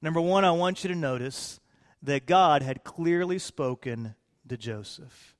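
A man preaching a sermon, retelling scripture with lively, playful asides to his congregation. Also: a little high, a little slow, big-room sound. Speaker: pastor.

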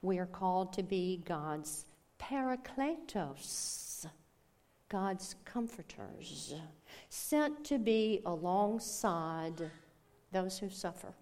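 Slow, deliberate woman pastor preaching. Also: medium pitch, animated, darkish tone. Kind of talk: sermon.

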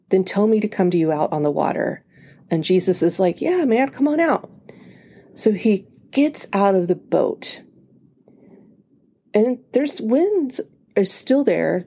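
Podcast host, woman in her thirties, low gravelly voice, earnest conversational delivery. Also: darkish tone. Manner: earnest, conversational, acts out quotes in a higher voice. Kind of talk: personal faith talk.

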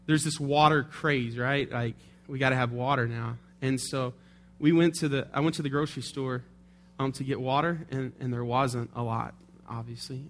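A man's voice: on the high side, a bit bright. A male pastor preaching a sermon in a conversational way, often checking in with tag questions.

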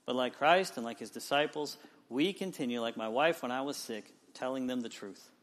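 A man in his forties, a pastor, preaching a sermon and telling a personal story with lively swings from loud to quiet. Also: normal speed. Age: 40s. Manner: storytelling with wide swings in pitch and loudness.

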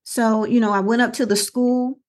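A woman's voice: on the high side, fairly even intonation, normal speed, darkish tone. A middle-aged woman co-hosting a podcast, telling a story in an earnest, conversational way and acting out the other people's lines. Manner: earnest storytelling with quoted dialogue. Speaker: podcast co-host.

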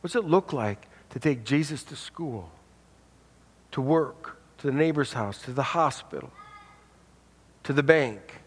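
A man's voice: mid-range voice, expressive, a little slow, long pauses, husky. A man preaching a sermon as pastor, earnest and conversational, often repeating words as he starts a phrase. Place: church hall. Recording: reverberant hall.

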